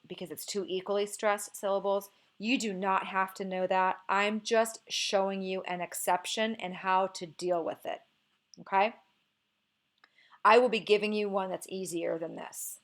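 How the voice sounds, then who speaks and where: A woman teacher explaining poetic meter in a recorded lesson, patient and explanatory, often checking in with "okay". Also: mid-range voice.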